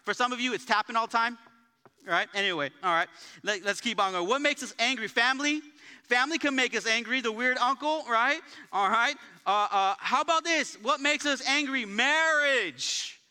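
A man with a high, very bright voice preaches a sermon in an energetic, conversational way, mixing jokes and personal stories. His voice rings out through a large church sanctuary, and the room's long reverb trails after every phrase. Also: normal speed, clear, resonant tone. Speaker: pastor.

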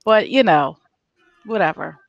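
A middle-aged woman, a rage room owner, talking as a guest in an interview, lively and laughing often as she acts out her customers. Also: mid-range voice, unhurried, creaky, no room sound, dull audio.

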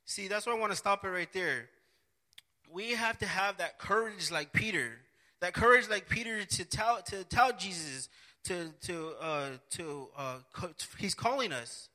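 A man's voice: sits high, measured pace, sharp tone. A man preaching a sermon, earnest and repetitive, often restarting his phrases.

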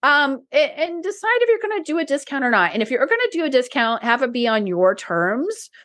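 A woman with a fairly high voice chats on a podcast, rambling and restarting her sentences. She sounds teary, close to crying. The sound is dry and close, with no room echo. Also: very animated, brisk, a bit bright. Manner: emotional, rambling with many restarts. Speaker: podcast co-host. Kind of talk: casual podcast chat.

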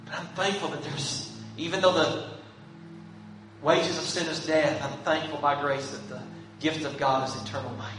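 A man's voice: on the high side, steady tone, moderate pace, recorded from a distance, over music. A male pastor preaching a sermon in a church, pleading earnestly with the congregation. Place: church sanctuary. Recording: echoey church room from afar, faint hum.

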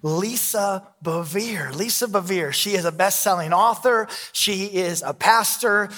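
A man's voice: sits high, measured pace, sharp tone, in a large hall. A man in his thirties, a pastor, preaching a sermon with candid, self-deprecating storytelling.

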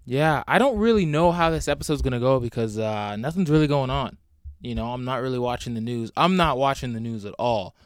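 Young dude hosting his podcast solo, swears a lot, jokes around, clean smooth voice right on the mic. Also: mid-range voice, animated, brisk, no echo, clean studio sound. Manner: rambling, profane, joking. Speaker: podcast host. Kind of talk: casual solo podcast rant. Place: home.

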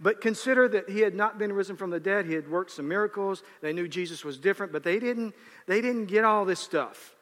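A pastor delivers a sermon in a high, bright-toned voice. He preaches emphatically, repeating himself and building into rising bursts. His voice rings out with a long reverb across a church sanctuary. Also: brisk.

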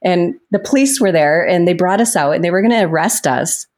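In a casual interview, an actress guest tells animated stories, laughing often and acting out what people said. Her voice is fairly low and her pace a little fast.

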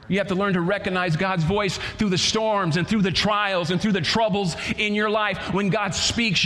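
Male pastor, fairly high voice, fervent sermon delivery in a reverberant church hall. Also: a bit bright. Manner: preaching with swells of volume and stretched phrases.

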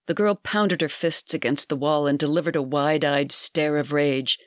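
A storyteller giving a measured, deliberate scripted narration of a dark fairy tale. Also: mid-range voice, fairly even intonation, dry recording, clean studio sound.

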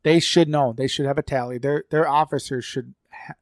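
A man's voice: mid-range voice, fairly even intonation, normal speed, no echo, clean studio sound. A man, co-hosting a podcast and walking through rules point by point. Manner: explains rules point by point, with restarts. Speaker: podcast co-host. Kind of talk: casual explanation of hunting rules.

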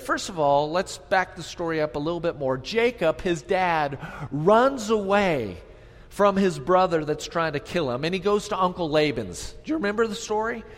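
A preacher with a fairly high voice tells the story in an animated, conversational way, often slipping into the voices of the people he describes. His voice carries a long reverb from a large hall. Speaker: pastor. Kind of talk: sermon storytelling.

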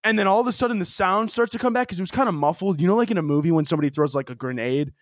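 In a high voice that races along, a young man co-hosting a podcast tells a casual story full of "like" fillers and free swearing. The sound is studio quality with no room sound.

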